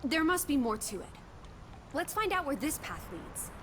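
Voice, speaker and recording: An actress playing a spirited, stubborn young woman who talks in a brisk, teasing, insistent way. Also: high voice, sing-song, noisy background. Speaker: game character. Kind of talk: game voice acting. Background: game music.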